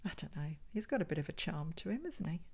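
A woman's voice: lowish voice, sing-song, quick pace, vocal fry, a little mellow, breathy edge. A woman, a vintage homeware reseller, chatting unhurriedly at home in a casual show-and-tell vlog and thinking aloud as she handles items.

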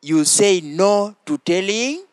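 A man hosting a children's church show, teaching slowly and prompting the children to repeat phrases after him. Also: sits high, animated. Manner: slow, deliberate, prompting listeners to repeat phrases. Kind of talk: teaching children with call-and-response.

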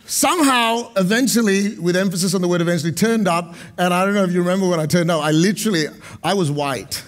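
A middle-aged male pastor preaching a sermon, moving between loud proclamations and quiet, chatty storytelling. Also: quick pace. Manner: dynamic preaching, swings from loud proclamations to low storytelling asides.

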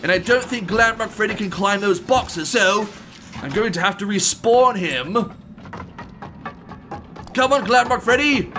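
A man voicing a polite, tea-loving gentleman toy bear animatronic, commenting on gameplay with fussy exclamations and calling people sir. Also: high voice, expressive, measured pace, long pauses, music in the background. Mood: chatty. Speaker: let's-play host.

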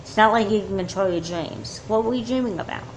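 A woman's voice: mid-range voice, fairly quick, slight background noise, close to an everyday voice, rough recording. A woman voicing a caring girl who reassures her sister in a soothing way. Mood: concerned.

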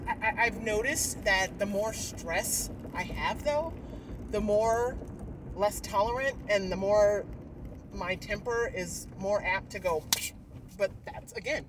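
Outdoors, a woman records a candid personal vlog rant, her lively voice rising and falling a lot as she rambles through her thoughts with sighs and fillers. She sits far from the mic, with loud traffic rumbling behind her.

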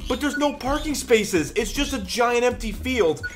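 A man's voice: extremely high pitch, lively intonation, moderate pace, music in the background. A young man hosting a let's play, telling a long rambling story in casual gameplay commentary and swearing freely.

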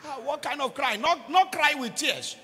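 A man preaching a fervent sermon, shouting and repeating lines in a sing-song cadence. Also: very high-pitched, animated, normal speed, in a large hall.

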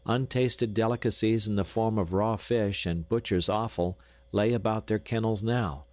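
A man reading a classic children's novel aloud as an audiobook narrator, in a measured, lightly expressive storytelling manner. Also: lowish voice, no echo. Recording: dry close studio recording.

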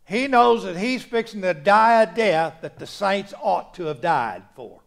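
High-voiced folksy preacher. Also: male voice, lively intonation, unhurried, vocal fry, few pauses. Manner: folksy preaching that swings from quiet asides to loud exhortation. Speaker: pastor. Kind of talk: sermon. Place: church.

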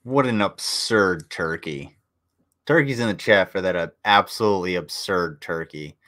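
A man's voice: sits low, moderate pace, fairly bright tone. A tired man casually commenting on a livestream, joking and swearing as he rambles. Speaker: streamer reviewing war footage.

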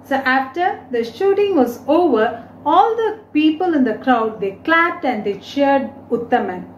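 Woman, teacher, very lively pitch, slight room echo. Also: measured pace, a little hiss or hum. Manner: explains words, retells story in simple English. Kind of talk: explaining a reading lesson.

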